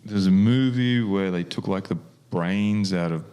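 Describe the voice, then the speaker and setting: Deep guy rambling on a podcast, lots of likes and rights. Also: a little slow, mellow. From Australia. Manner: rambling, many fillers and restarts. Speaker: podcast co-host, hypnotist. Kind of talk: casual podcast chat.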